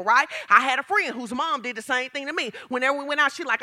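A woman's voice: fairly quick, hardly any pauses. A woman pastor preaching a sermon, telling stories and acting out quotes with big jumps in her voice. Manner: animated storytelling, acts out quotes with big pitch jumps.

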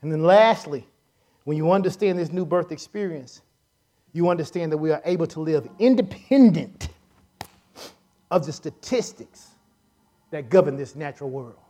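A woman preacher with a Southern American accent, delivering a lively sermon, acting out Bible characters and rising to shouts. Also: low-pitched, normal speed, pauses often. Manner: animated, acts out Bible characters, shouts at peaks.

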